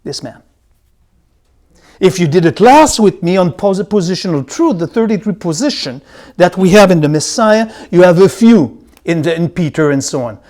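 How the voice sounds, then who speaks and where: A man teaching a Bible study, slowing to spell and repeat key words and swinging between loud emphasis and quiet asides. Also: high-pitched, expressive.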